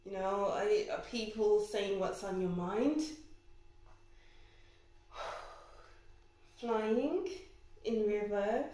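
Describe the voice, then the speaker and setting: A woman's voice: mid-range voice, fairly even intonation, very slow, pauses often, dark tone. A young woman giving a pick-a-card tarot reading, often exclaiming and getting emotional. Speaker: tarot reader. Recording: very echoey room.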